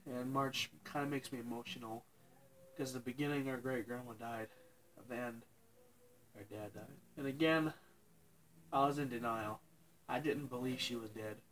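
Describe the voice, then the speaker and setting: A young man telling a painful personal story to his viewers, halting and tearful, pausing and restarting as he cries. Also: mid-range voice, steady tone, fairly bright tone, slight background noise, rough recording. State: crying. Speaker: vlogger. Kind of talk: emotional personal story to camera.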